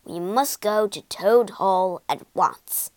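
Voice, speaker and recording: A woman voicing a stern but kindly old male badger who speaks slowly and firmly. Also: medium pitch, no room sound, natural voice.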